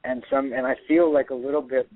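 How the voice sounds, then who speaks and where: A middle-aged actor and filmmaker, talking earnestly as a guest in a radio interview, rambling with many restarts. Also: male voice, mid-range voice, steady tone, brisk, no echo. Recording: tinny dry phone line.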